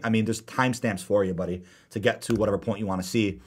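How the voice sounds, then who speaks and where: A man hosting a casual podcast, reading out viewer comments and answering them in a lively way. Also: on the low side, breathy edge. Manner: fast, animated, reads viewer comments aloud. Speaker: podcast host.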